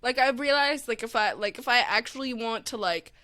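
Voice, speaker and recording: A woman's voice: fairly high pitch, a little fast, pushed and bright, no echo. Young woman with a Valley-girl lilt. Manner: Valley-girl inflection, casual swearing. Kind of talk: casual podcast chat.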